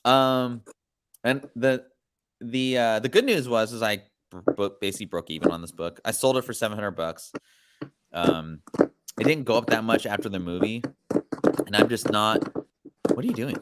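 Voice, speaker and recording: Male host, lowish voice, casual and rambling, slangy delivery. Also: normal speed, pauses often, heavy background noise. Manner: rambling, laid-back, slangy. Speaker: podcast host. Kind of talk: casual chat.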